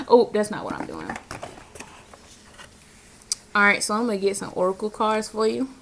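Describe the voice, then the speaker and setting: A woman's voice: mid-range voice, wildly swooping pitch, measured pace, creaky, pauses often, a bit bright, a little hiss or hum. A young woman, a tarot reader, talking casually and bluntly in a spiritual vlog, with slang and frequent laughs. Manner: blunt, slangy, laughs often between points.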